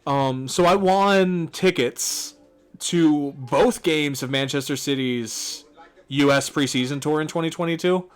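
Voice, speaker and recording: Profane, chatty man, fairly high voice. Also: unhurried, smooth. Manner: profane, storytelling, laughs often. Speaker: podcast co-host. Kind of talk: casual movie watchalong chat.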